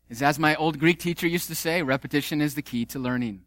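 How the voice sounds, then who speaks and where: A man preaching a sermon, emphatic, swinging between loud declarations and quiet appeals. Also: a little high, quick pace, dry recording. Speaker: pastor.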